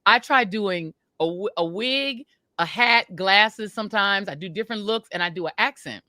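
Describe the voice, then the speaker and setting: A middle-aged woman co-hosting a podcast, chatting casually and telling animated stories about her family. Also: moderate pace, no echo, clean studio sound. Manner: animated storyteller, jumps up high for quoted voices. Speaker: podcast co-host. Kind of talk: casual chat.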